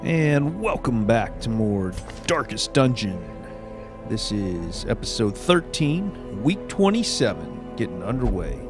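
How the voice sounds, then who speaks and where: A man hosting a let's play video, stuffed up from a cold, talking in a relaxed, chatty way with plenty of fillers. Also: fairly low pitch, slow pace, over music. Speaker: gaming video host.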